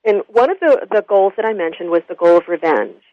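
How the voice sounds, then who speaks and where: A woman guest telling a story in an earnest, animated interview. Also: mid-range voice, fairly quick. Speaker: guest, school consultant. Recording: dull lo-fi radio audio.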